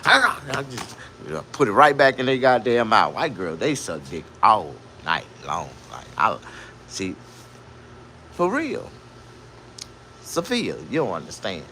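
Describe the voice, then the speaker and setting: Lively, bright-voiced male comedian. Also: a little slow, pauses often, slight background noise. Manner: profane, boastful storytelling; animated, with sudden jumps to a high voice. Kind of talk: crude comedic monologue.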